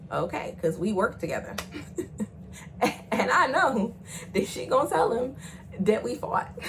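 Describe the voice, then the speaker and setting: A young woman, telling a profane storytime in casual chat and jumping into loud, high acted quotes. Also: a little hiss or hum, poor audio. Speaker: storyteller vlogger.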